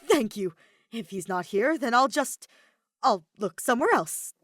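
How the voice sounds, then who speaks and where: A woman reading a flustered young man who stammers and apologizes, speaking louder and a little higher than her narration. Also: slow, dry recording, studio quality, close to an everyday voice. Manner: stammering, nervous laughter.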